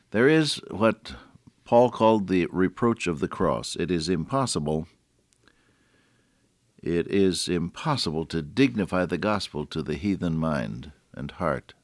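A man preaching a sermon in an earnest way, slowing down and stressing key words. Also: deep voice, lively intonation, no echo, studio quality.

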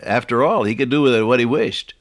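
A man giving a Bible sermon in a relaxed, talky way, turning to his listeners with questions like "isn't that true?" and chuckling at his own stories. His voice sits at an ordinary male pitch, recorded close and dry with no room sound. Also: fairly quick, dry recording. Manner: conversational, asks listeners rhetorical questions. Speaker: preacher.

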